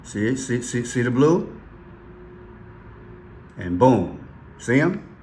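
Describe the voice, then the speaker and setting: A man hosting a casual commentary vlog, excitable and repetitive as he points things out on screen. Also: mid-range voice, very slow, pauses often. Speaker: vlog host.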